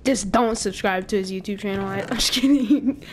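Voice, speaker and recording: A woman's voice: medium pitch, fairly quick, crowd noise. A young woman chatting casually while playing a game with a friend, playful and teasing, laughing often. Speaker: gamer. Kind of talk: casual gameplay chat.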